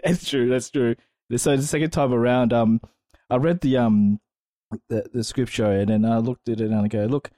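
A man co-hosting a casual chat podcast, telling stories in an animated way with halting restarts and laughter. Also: medium pitch, no echo. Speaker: podcast co-host.

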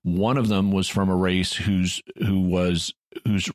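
A man with a fairly low voice co-hosting a casual podcast, retelling episode scenes at length. He often restarts his sentences and slips into quoted lines. The sound is close and dry. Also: little pitch movement, slow, no echo. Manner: storytelling with frequent restarts and acted-out quotes. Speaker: podcast co-host. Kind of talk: casual chat, recapping an episode.

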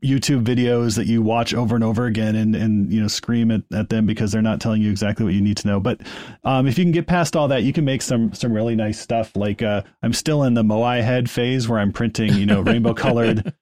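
A man's voice: fairly low pitch, steady tone, a little fast, a little mellow, no echo, clean studio sound. A man co-hosting a casual podcast, chatty and self-deprecating as he describes a hobby. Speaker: podcast co-host. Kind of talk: casual panel chat.

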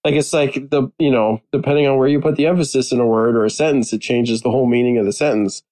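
A man chatting casually as a panelist, animated and amused as he retells favorite scenes. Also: medium pitch, fast, rough recording. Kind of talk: casual chat.

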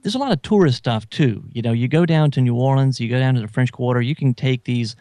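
A man as a podcast guest, speaking in a relaxed, unhurried way with hesitant fillers. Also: medium pitch, dry recording. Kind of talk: casual conversation.

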